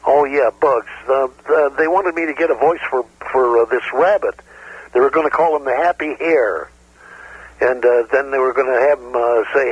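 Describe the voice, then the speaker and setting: A man's voice: mid-range voice, moderate pace, slightly rough, dry recording, muffled recording. Stammering, laughing male storyteller. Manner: stammering storyteller who laughs at his own jokes. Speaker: voice actor guest. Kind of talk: anecdotal interview answers.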